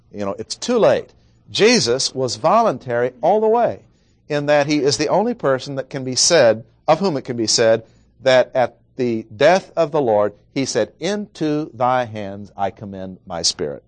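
A male preacher giving an expository sermon, deliberate and emphatic, repeating his key points. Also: mid-range voice, no room sound.

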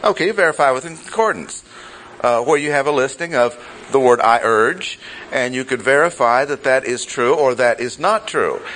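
Man, Bible study teacher, classroom lesson, repeats key points, mid pitch, faint background hiss. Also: lively intonation, fairly bright tone, low-quality recording. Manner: deliberate, repeats key phrases for emphasis.

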